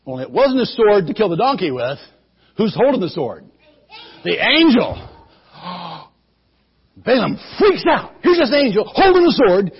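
A man's voice: high voice, husky, highs cut off. A man telling a Bible story to children in a playful way, asking the listeners questions. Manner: asks the audience questions, playful.

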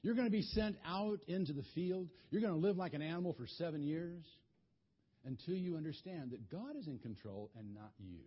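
A man voicing a calm, wise young prophet who speaks in a gentle, earnest, plain-spoken way, in a dull lo-fi recording. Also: fairly high pitch, a little fast, husky.

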